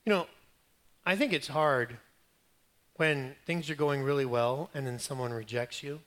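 A man's voice: mid-range voice, a little slow. A man preaching a sermon, telling a Bible story in a conversational, humorous way and acting out the quoted lines. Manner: animated storytelling, acting out quotes, rising loud at climaxes.

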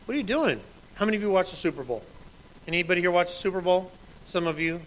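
A man's voice: high voice, expressive, fast, slight background noise, poor audio. A man in his thirties, a pastor preaching a sermon in a conversational way, quoting scripture with emphasis.

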